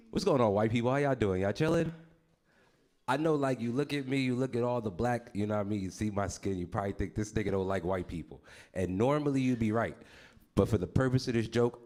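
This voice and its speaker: A man's voice: medium pitch, a little mellow. A man doing a stand-up set on a comedy stage, brash and profane, teasing the crowd as he goes. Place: comedy stage before a live audience.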